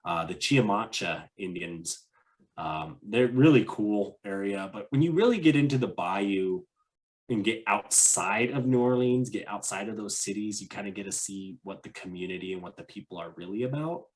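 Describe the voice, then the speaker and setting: A man's voice: fairly low pitch, normal speed. A man co-hosting a podcast, chatting casually about travel in a rambling way, full of "like" and restarts. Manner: rambling, many fillers and restarts. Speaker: podcast co-host.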